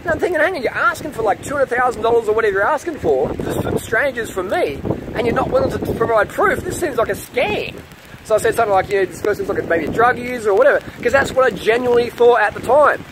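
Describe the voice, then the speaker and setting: A man's voice: very high-pitched, animated, fast talker, background noise. A man, ranting defensively to camera in a vlog, swearing and repeating himself in a heated way. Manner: profane, heated, repeating questions. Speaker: vlogger.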